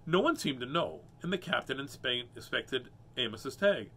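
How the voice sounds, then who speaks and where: A man's voice: medium pitch, big pitch swings, normal speed, few pauses, bright, forceful tone. Playful man reading aloud with joking asides. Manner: playful, self-mocking. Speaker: host reading children's books.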